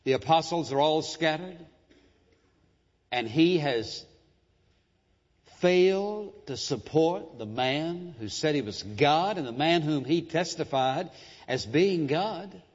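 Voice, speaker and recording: A man preaching a sermon in a church, emphatic and dramatic, swinging between loud stresses and hushed, slow lines. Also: fairly high pitch, expressive. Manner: emphatic, dramatic preaching with sudden shifts in loudness and pace. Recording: dull sound, long hall reverb.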